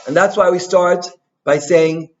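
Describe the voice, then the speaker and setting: A male rabbi giving an informal Torah talk, an animated storyteller who mixes in Hebrew and Yiddish terms and keeps asking "right?". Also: sits high, measured pace, lo-fi sound.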